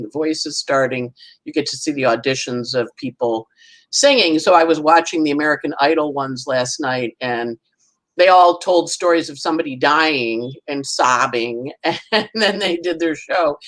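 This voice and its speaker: A woman's voice: low voice, a bit bright, poor audio. A woman astrologer, a guest, chatting casually through a weekly forecast and acting out little voices and sounds as she goes.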